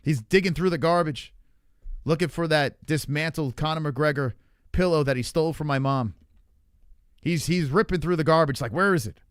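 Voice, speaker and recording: A man's voice: fairly high pitch, normal speed, dry recording. Profane ranting male streamer, dry sound. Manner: profane, ranting, reacts to chat. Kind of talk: livestream fight talk.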